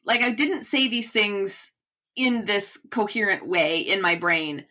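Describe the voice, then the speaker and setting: A woman's voice: mid-range voice, takes it slowly, bright, forceful tone. A woman historian who is a podcast guest, chatting casually and playfully as she reminisces.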